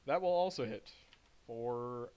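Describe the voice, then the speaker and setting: A man running a tabletop game, calling hits and damage in a dry, matter-of-fact way. His voice sits at a middling pitch for a man. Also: takes it slowly, clear, resonant tone, lo-fi sound. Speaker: game master.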